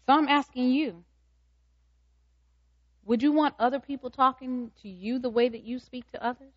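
A woman's voice: high voice, steady tone, moderate pace, long pauses. A woman preaching a sermon, firing repeated questions at the congregation and briefly acting out what people say. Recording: dull, slightly lo-fi sound.

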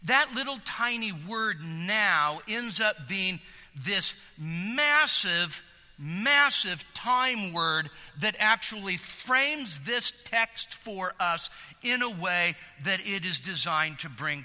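A man preaching with a high, very bright voice that rings out through a large hall. He talks slowly and earnestly, leaning on key words and circling back on phrases as he builds each point. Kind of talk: sermon.

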